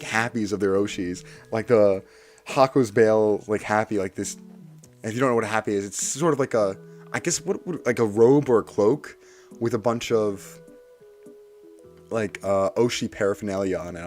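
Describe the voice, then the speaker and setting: A man telling a story to his stream in a casual, excitable way, swinging from hushed asides to loud, theatrical bursts and repeating lines for effect. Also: on the low side. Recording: faint music behind the voice.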